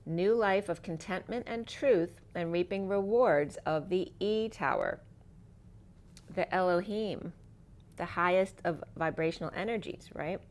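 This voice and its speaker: A middle-aged woman with a slightly low voice talks through a spiritual tarot reading. She drifts from card to card and picks words apart in free-associating wordplay. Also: a little slow. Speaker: tarot reader.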